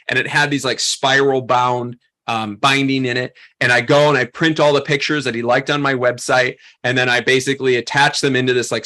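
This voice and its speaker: A man in his thirties teaching a photography workshop, telling a story in a loose, animated way with lots of fillers. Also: medium pitch. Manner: animated, acts out quoted voices, many fillers. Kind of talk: casual storytelling to a workshop group.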